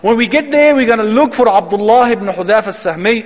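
High-voiced man preaching in a reverberant hall. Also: lively intonation, a little fast. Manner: dramatic, emphatic retelling with quoted dialogue. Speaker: Islamic lecturer. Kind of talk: sermon storytelling.

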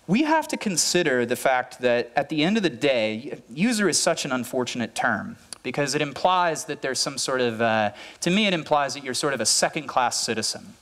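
A man's voice: mid-range voice, big pitch swings, moderate pace, few pauses, a bit bright. A man giving a conference talk who speaks earnestly, often repeating words and restarting his sentences.

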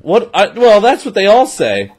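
Teasing young man with a lively high voice. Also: normal speed. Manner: jokey, teasing, laughs a lot. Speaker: gamer. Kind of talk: casual gaming banter.

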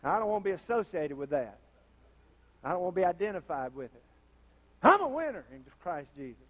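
In a church sanctuary, a pastor delivers a fiery sermon, his high voice repeatedly leaping into loud, impassioned bursts. He calls out to the congregation for responses and a witness, speaking briskly and with great animation. The recording has its highs cut off.

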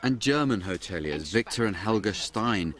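A man's voice: lowish voice, lively intonation, normal speed, crowd noise. A man narrating a documentary in a wry, dry scripted tone.

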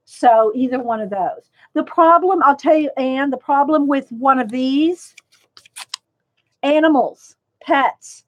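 Woman, high voice, rambling livestream chat, greets viewers, slightly dull lo-fi sound. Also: slow. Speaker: livestream host.

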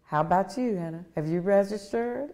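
A woman's voice: medium pitch, normal speed, dark tone. A woman co-hosting a local TV live show, cheerfully running through upcoming events and laughing with her co-hosts. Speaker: co-host of a county TV live show. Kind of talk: casual live show chat.

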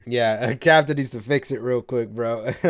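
A young adult man hosting an anime reaction, talking in slangy, excitable bursts with loud outbursts and frequent laughter. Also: mid-range voice, takes it slowly.

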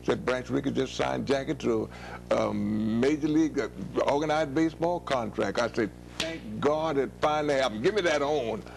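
An older American man with a medium-pitched voice and some vocal fry is interviewed at a moderate pace, with slight background noise. He tells folksy stories and chuckles as he goes.

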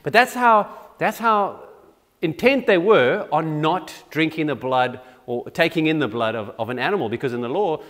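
A man's voice: on the high side, animated, normal speed, fairly bright tone, in a large hall. A man preaching a sermon in a conversational, self-deprecating way with frequent restarts. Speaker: pastor. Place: church.

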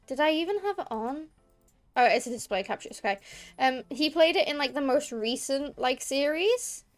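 A woman's voice: high-pitched, animated, moderate pace, faint music behind. A woman with a Liverpool accent, chatting in a rambling, emphatic way as she streams a game. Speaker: VTuber streamer. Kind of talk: casual gameplay chat.

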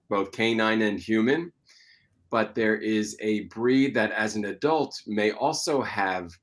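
Male live-show host, lowish voice, earnest and encouraging, halting delivery with fillers. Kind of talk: live online chat show.

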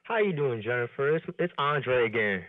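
A man's voice: mid-range voice, animated, moderate pace, no echo. Flirty man caller on a tinny phone line. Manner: flirty, eager. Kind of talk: casual flirty phone chat.

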